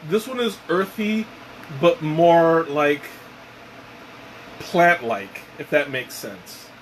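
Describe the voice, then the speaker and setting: A man's voice: on the high side, very animated, slow pace, a little hiss or hum. A man hosting a casual live tea-tasting stream at home, rambling and self-deprecating, winded from sweating and choking. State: sweating and catching his breath after choking. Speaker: livestream host. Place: home room with a fan running.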